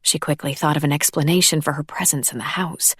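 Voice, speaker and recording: A woman narrating an audiobook in a measured, even reading. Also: low-pitched, husky, no echo, studio quality. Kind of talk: scripted narration.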